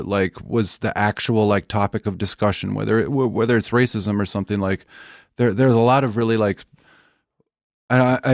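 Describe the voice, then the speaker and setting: A man's voice: lowish voice, no room sound, studio quality. A man appearing as a guest on a podcast, speaking in a thoughtful, rambling, casual way. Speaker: musician guest. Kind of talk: casual chat.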